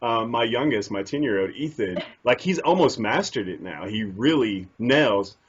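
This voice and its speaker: Lively playful male interviewer. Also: medium pitch, normal speed, breathy edge. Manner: playful, laughs often, lively ups and downs. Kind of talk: casual interview chat. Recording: dull lo-fi sound.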